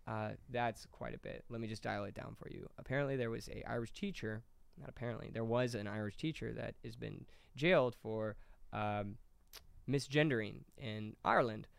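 A man hosts a casual podcast, rambling through the news with jokes. His mid-range voice is gravelly yet smooth. He sits close to the mic in a dry room. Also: mid-range voice, moderate pace, dry recording. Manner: rambling, jokey, reads news headlines aloud. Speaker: podcast host. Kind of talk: casual political podcast banter.

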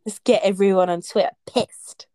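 Young woman, casual podcast co-host, giggly and rambling, mid pitch, dry close mic. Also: steady tone, moderate pace, warm tone, dry recording. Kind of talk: casual chat among friends.

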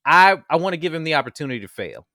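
Man, podcast co-host, expressive pitch, joking, casual chat, dry close sound. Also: racing, dry recording.

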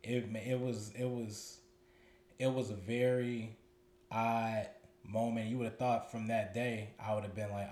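A man's voice: on the low side, little pitch movement, unhurried, a little mellow. Roomy-sounding man telling a candid story. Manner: loose, profane, repeats words as he thinks. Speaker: podcast co-host. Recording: roomy echoey room.

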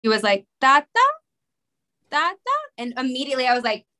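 A woman in her thirties with a high, bright, forceful voice rushes through an emotional personal story as a guest in a conversation. She rambles, restarts and leans on "like" constantly. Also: steady tone. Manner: rushed, rambling, many "like" fillers. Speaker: podcast guest, mother.

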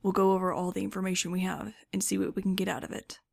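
A woman's voice: medium pitch, level tone, fast, creaky, darkish tone. A woman reading a tired, matter-of-fact man.

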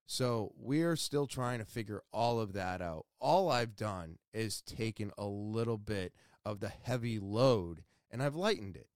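A man's voice: fairly low pitch, expressive, a little slow, few pauses, a little mellow, dry recording, clean studio sound. Candid, self-scolding man on a podcast. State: sore ribs from a ruptured muscle. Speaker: podcast host. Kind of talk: casual solo podcast monologue.

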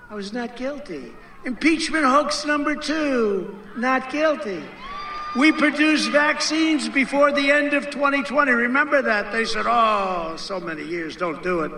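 A man's voice: very high-pitched, sharp tone, reverberant, a little hiss or hum. A man giving a rally speech, emphatic and repetitive, mocking the people he quotes.

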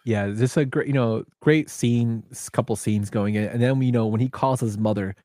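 A man's voice: medium pitch, moderate pace, mellow, no room sound, studio quality. A man co-hosting a casual film podcast, animatedly retelling scenes and acting out the dialogue. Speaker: podcast co-host. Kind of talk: casual movie discussion.

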